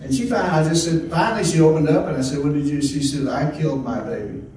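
This pastor talks fast in a slightly high, a little mellow voice, his folksy sermon rambling and heard from afar. Restarts, repetitions and homespun exclamations fill his chatty address to the congregation, and the sound echoes heavily over faint noise.

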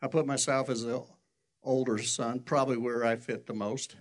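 An older man preaching a sermon, telling stories in an animated way and jumping high for quoted voices. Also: moderate pace. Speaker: pastor.

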